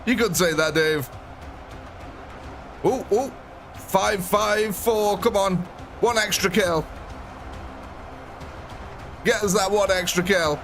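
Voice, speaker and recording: A man's voice: sits high, slow, pauses often, fairly bright tone. Chatty man over game music. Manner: chatty, jokey, reads out viewer names. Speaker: livestream host. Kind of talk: casual live gameplay commentary.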